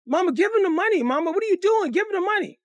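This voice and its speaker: A man voicing his eight-year-old self, a frightened boy pleading loudly with his mother. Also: expressive, racing, dry recording. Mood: begging. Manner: shrill, pleading, loud.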